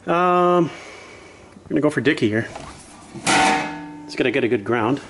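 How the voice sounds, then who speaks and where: A man's voice: medium pitch, animated, normal speed, loud music behind the voice, low-quality recording. A man doing a casual garage vlog as a home mechanic, blunt and self-deprecating, swearing now and then, out of breath at times.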